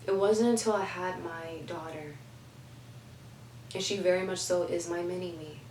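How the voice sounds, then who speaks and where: A woman's voice: on the low side, fairly even intonation, measured pace, darkish tone, roomy sound, distant mic, slight background noise, poor audio. A young woman giving heartfelt life advice in an emphatic way, repeating phrases for stress. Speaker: advice vlogger.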